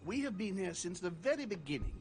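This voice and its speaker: An actor playing a courtly nobleman in a video game, speaking in a formal, measured and courteous way. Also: sits high, very animated, over music. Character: courtly older male nobleman, calm and guarded. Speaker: game character.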